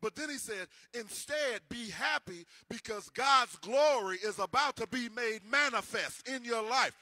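A man's voice: extremely high pitch, unhurried, sharp tone, no echo. A man preaching a sermon as pastor, swinging into sing-song emphasis and repeating himself as he builds. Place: church.

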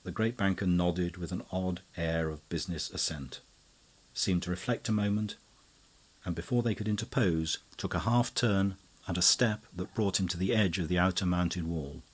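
A man narrating a classic mystery audiobook in a measured, low-key manner. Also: slightly rough. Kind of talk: scripted narration.

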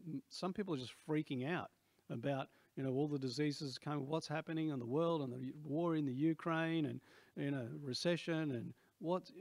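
A man's voice: fairly high pitch, darkish tone, no echo. A man in his sixties with an Australian accent, preaching a sermon in a rambling, conversational way with many asides. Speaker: pastor.

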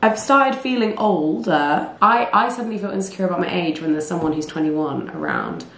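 Chatty hoarse woman in her twenties. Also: lowish voice, very animated, moderate pace, slight background noise. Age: 20s. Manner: chatty, rambling, often laughing. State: slightly hoarse. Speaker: vlogger. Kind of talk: casual vlog chat. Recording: echoey room with faint ambience.

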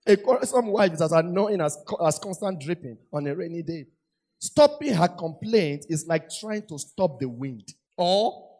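High-voiced emphatic male preacher. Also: darkish tone, breathy edge. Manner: repetitive, emphatic preaching with rhetorical questions. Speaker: pastor. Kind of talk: sermon.

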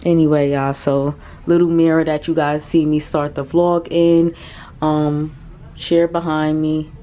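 A woman travel vlogger chatting excitedly to camera in a cruise ship cabin, repeating herself often. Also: sits low, unhurried, a little hiss or hum. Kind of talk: casual chat to camera.

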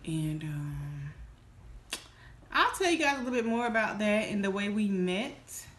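At a measured pace, a woman mukbang vlogger with a mid-range, fairly bright voice and lively intonation shares a casual story in a reverberant space with slight background noise. It's rambling and earnest, with frequent restarts, fillers, and emotion.

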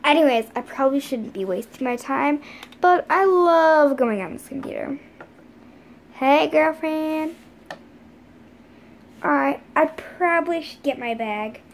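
A chatty young girl puppy rambles through little asides in a high, bright voice, as a woman plays her. It is a home-made toy pet play. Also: animated, a little hiss or hum. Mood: musing. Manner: rambling, fast asides to herself. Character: chatty young female dog pet, schoolgirl.

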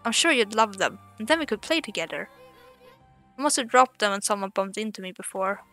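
A woman's voice: mid-range voice, animated, a little fast, pushed and bright, no room sound, faint music behind, voice pushed down. A woman reading the lines of a worried young village boy aloud in a game, earnest and pleading.

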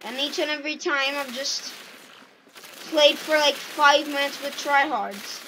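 A woman giving casual, excitable gameplay commentary and shouting at the game. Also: high-pitched, a little slow, slight background noise, low-quality recording. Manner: excitable, yelps and shouts at the game, self-mocking. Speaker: gaming YouTuber.

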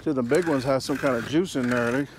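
A vlogger hosts a casual outdoor vlog in the woods, recorded on an action camera, rambling and joking with lots of fillers. He's a fast talker with a medium-pitched voice, and there's background noise.

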